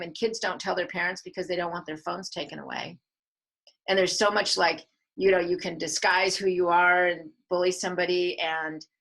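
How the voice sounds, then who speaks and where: A woman's voice: lowish voice, poor audio. A middle-aged woman, a filmmaker and mother, speaking earnestly as a guest in a conversational interview. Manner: earnest, animated when quoting others.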